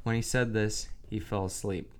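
A man's voice: lowish voice, steady tone, normal speed, smooth. A man co-hosting a casual faith podcast, talking earnestly and reading scripture aloud. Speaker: podcast co-host.

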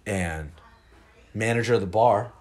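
A man's voice: on the low side, measured pace, darkish tone. A young man co-hosting a podcast, telling a rambling, profane anecdote in casual chat with lots of restarts. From Northern California. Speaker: podcast co-host.

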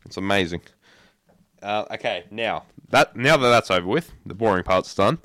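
A man's voice: fairly low pitch, lively intonation, moderate pace, a bit bright, no room sound. A young man co-hosting a casual podcast, often repeating his words as he starts sentences. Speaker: podcast co-host.

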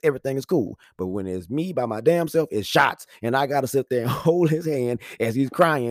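This Houston, Texas man in his thirties speaks at a medium pitch and moderate pace, recorded close and dry on a studio mic with no echo. He's a lively podcast storyteller in a casual monologue, laughing a lot and doing voices for the people in his tales.

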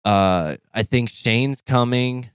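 Laid-back, smooth-voiced male co-host. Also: mid-range voice, takes it slowly, no room sound. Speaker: podcast co-host. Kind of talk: casual podcast chat.

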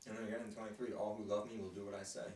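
Deep-voiced man leading a Bible study. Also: flat delivery, very fast, darkish tone. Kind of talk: leading group discussion. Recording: echoey room, from a distance, faint noise.

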